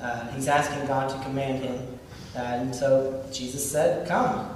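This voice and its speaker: A man with a mid-range, slightly mellow voice speaks in a level tone at a measured pace. He's a Bible study leader giving informal teaching conversationally, full of fillers and restarts. The mic is distant in an echoey hall with faint room noise.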